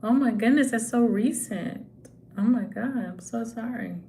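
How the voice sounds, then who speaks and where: A woman, chatting slowly and sympathetically with viewers on a live stream recorded on her phone. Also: fairly high pitch, creaky, slight background noise. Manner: slow, relaxed, sympathetic, greets viewers by name. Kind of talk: casual live-stream chat reading comments.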